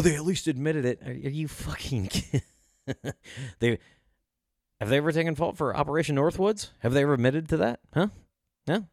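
Male podcast host, lowish voice, dry close sound, profane rambling rant. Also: no echo. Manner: profane, rambling, laughing often. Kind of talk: casual comedic rant.

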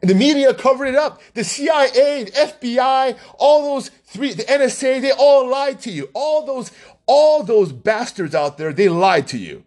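A man's voice: very high voice, expressive, moderate pace, a little mellow. A man ranting about politics in an agitated, angry way, often repeating himself. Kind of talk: heated political rant.

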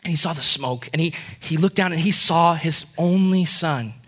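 A male pastor telling a dramatic story in a sermon and praying, swinging between raised and hushed delivery. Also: on the high side, normal speed.

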